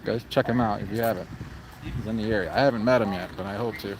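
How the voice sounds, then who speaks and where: A man's voice: on the low side, steady tone, quick pace, a crowd in the background, poor audio. A man doing a casual livestream outdoors, talking in a blunt, profane, rambling way. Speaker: livestream vlogger. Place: outdoors in a public area.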